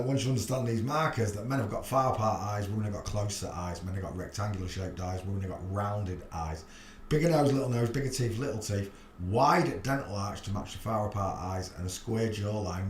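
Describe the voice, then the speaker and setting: Male host, low voice, rambling crude livestream chatter, echoey room. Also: a little fast. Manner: rambling, thinking aloud, crude jokes. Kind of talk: casual livestream commentary. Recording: echoey room, faint background noise.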